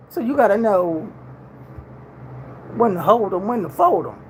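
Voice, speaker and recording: A woman in her sixties chatting casually with her livestream viewers, relaxed and drawling with slangy everyday grammar, talking in a steady middle pitch over faint room noise. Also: a little slow, long pauses, poor audio. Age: 60s. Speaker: livestream host.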